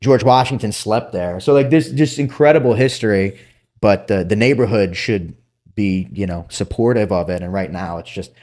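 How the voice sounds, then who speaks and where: Low-voiced man telling stories casually. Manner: animated, quick asides, acts out quotes. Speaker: podcast guest, former Navy SEAL. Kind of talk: casual interview storytelling.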